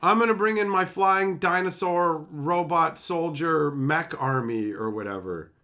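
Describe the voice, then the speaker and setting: A man's voice: fairly high pitch, measured pace, bright, forceful tone. A man live-streaming as he opens card packs, chatting casually and ranting sarcastically with lots of swearing.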